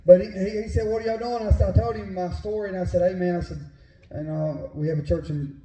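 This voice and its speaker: A man with a West Virginia Appalachian accent preaching a sermon, folksy and fervent, at times rising to shouts. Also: high-pitched, flat delivery, fairly quick. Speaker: pastor. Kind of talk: sermon with personal storytelling. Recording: echoey church room.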